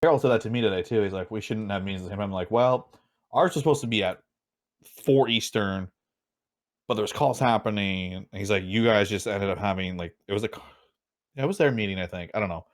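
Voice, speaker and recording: Low-voiced man in casual chat. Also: quick pace. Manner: relaxed, swearing, quotes himself in stories. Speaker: podcast co-host.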